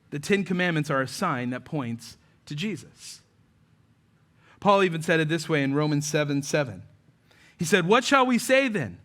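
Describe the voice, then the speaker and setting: A man preaching a sermon as pastor, telling stories and acting out quoted lines, often letting phrase ends drop to a near-hush. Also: fairly high pitch. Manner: preaching with story-telling, voicing quoted people.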